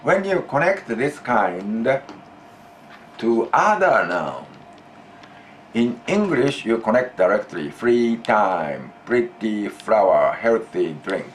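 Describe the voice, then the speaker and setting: A Japanese man with a Japanese accent teaching a language lesson, deliberate and repeating key phrases while stretching out example phrases. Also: lowish voice, sing-song, slight background noise.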